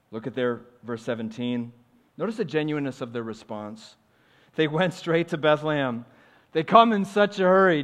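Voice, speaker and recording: A male pastor preaching a sermon in a church, earnestly swinging between loud emphasis and quiet, confiding asides. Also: on the high side. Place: church sanctuary. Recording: long reverb of a large hall.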